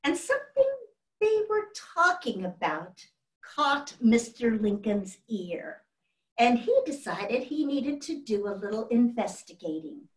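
A woman's voice: a little high, very animated, measured pace. An actress as a genteel 1800s widow spins family tales in a chatty, exclamatory way, her voice rising and falling freely. She is on a stage, heard from a distant mic in a roomy hall. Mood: fond. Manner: fond, chatty storyteller with exclamations. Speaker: actress portraying a historical first lady. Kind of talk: live one-woman historical reenactment. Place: stage before a live audience.

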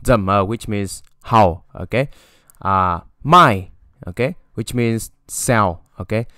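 A man teaching a language lesson, stopping often to say "okay" and repeating example phrases in a louder voice. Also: on the low side, slow, no room sound, clean studio sound. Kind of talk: explaining a textbook lesson.

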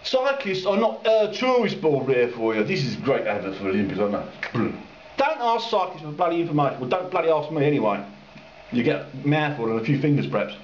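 A man's voice: on the high side, big pitch swings, a little fast, slight background noise. A man ranting angrily about drivers asking him for directions, swearing and mocking them in put-on voices. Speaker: cyclist ranting to camera. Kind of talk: angry rambling rant. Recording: roomy, dull lo-fi sound with faint ambience.

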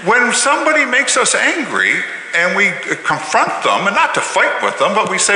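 A man, a pastor with a Canadian Maritime accent, giving an all-ages talk and gently questioning the congregation. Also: sits high, huge pitch swings, normal speed, hardly any pauses. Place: large church sanctuary. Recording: echoey church hall, faint room noise.

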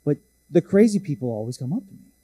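A man's voice: a little high, sing-song, fast talker, warm tone, husky, dry recording. A man preaching a sermon, telling a story in a casual, joking, self-deprecating way. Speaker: pastor.

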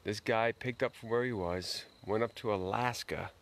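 A man's voice: fairly low pitch, normal speed. A man hosting a late-night live stream outdoors, greeting viewers by name and giving a folksy, earnest motivational talk.

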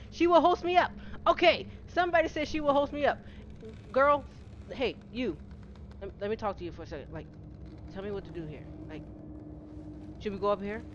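A woman's voice: fairly high pitch, moderate pace, long pauses. A middle-aged woman streaming a game live, chatting casually, greeting viewers by name and laughing often. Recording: slightly dull home-stream audio with steady noise.

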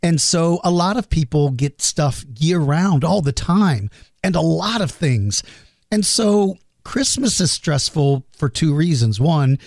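A man's voice: fairly high pitch, expressive, takes it slowly, darkish tone, no room sound, clean studio sound. A middle-aged man hosting a podcast, casually answering listener questions in a chatty, self-deprecating way. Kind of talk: casual Q&A monologue.

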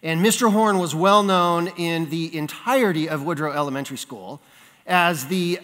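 A man preaching a sermon, telling a childhood story in an animated way and acting out the voices in it. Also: a little high, moderate pace. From California. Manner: animated storyteller, acts out voices in his anecdotes. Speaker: pastor. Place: church sanctuary. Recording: long reverb of a church sanctuary.

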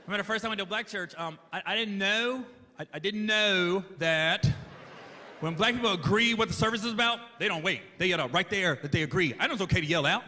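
A man's voice: high voice, quick pace, pushed and bright, slight background noise. A man doing a stand-up routine, telling a story wryly and chuckling at his own lines. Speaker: stand-up comedian.

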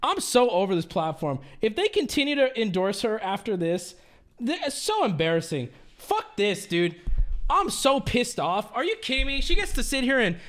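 A man's voice: high voice, big pitch swings, normal speed, fairly bright tone. A man streaming live, ranting angrily with heavy swearing and exasperation. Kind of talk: angry live-stream rant.

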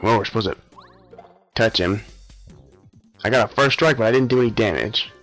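A man's voice: lowish voice, moderate pace, fairly bright tone, soft background music, rough recording. Offhand young man commenting on a game. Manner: offhand, sarcastic, mumbling asides. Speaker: let's play host. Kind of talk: casual gameplay commentary.

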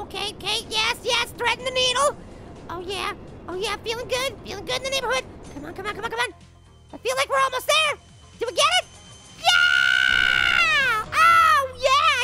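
A tiny hyper cartoon apple chatters through a game in a piercingly high, bouncy voice with a gravelly edge. It giggles, yells at obstacles and blurts out silly catchphrases. Loud game music plays under the voice. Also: female voice, animated, quick pace. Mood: excited. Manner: giddy, laughs often, coins silly catchphrases, shouts at game. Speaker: gameplay commentator. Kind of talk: cartoon gaming commentary. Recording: game music playing behind the voice. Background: game music and sound effects.

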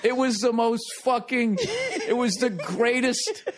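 Man, 40s, from the US, high-pitched, podcast host, animated, swears, laughs mid-story. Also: slow pace. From United States. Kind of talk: casual storytelling.

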